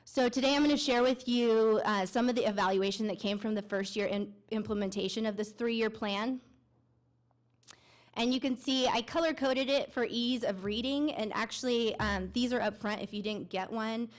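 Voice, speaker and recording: A woman's voice: on the high side, fairly even intonation, moderate pace. A woman with a cold gives a presentation at a public meeting, her voice stuffy and nasal from congestion. She speaks into a microphone in a meeting room, explaining a community health plan to the audience. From Nevada. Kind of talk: presentation to a board. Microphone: handheld mic.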